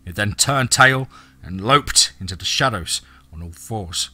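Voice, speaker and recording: A man narrating a scripted horror story in a measured, dramatic way. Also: fairly low pitch, expressive, pushed and bright, no echo, soft background music.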